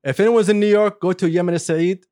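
A man in his forties from Saudi Arabia telling a story in casual chat, animated, laughing often and swearing freely. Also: sits high, a little fast, no room sound, clean studio sound. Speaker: guest.

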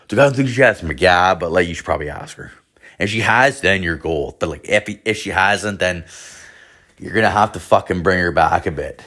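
A man's voice: deep voice, a little fast, pushed and bright. A young man telling a rambling, profane story in a casual monologue, full of filler words and acted-out quotes from friends. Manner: acts out quoted friends in his own voice. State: hungover.

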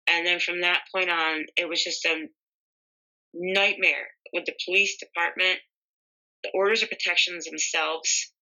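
A middle-aged woman with a bright, sharp-edged voice sitting lower than most. She recounts her own experience in an interview, earnest and emotional as she talks. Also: steady tone, unhurried, poor audio. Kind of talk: personal testimony.

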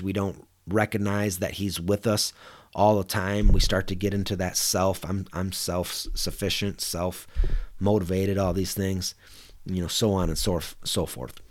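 A man's voice: on the low side, a little mellow. A man preaching a conversational sermon, reading Bible verses and explaining them in a plain, repetitive way with frequent "you know.". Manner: conversational, repeats words and says "you know" often.

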